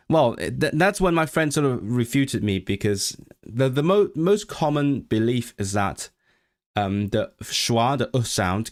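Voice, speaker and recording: Rambling man chatting on a livestream. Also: on the low side. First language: Cantonese. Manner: rambling, many restarts, reads chat aloud. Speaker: livestream host. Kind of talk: casual livestream chat.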